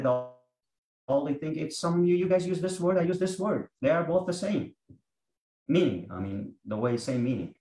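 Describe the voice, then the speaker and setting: Syriac-native man from Iraq, hesitant interview guest, middle pitch, roomy echo. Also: expressive, moderate pace, mellow. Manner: hesitant, restarts, uses many fillers.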